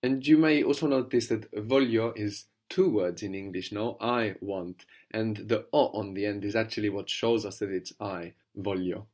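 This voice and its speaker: A man's voice: fairly low pitch, normal speed, few pauses, a little mellow. Patient male language teacher. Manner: patient, prompting, often asks "no?". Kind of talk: spoken language lesson.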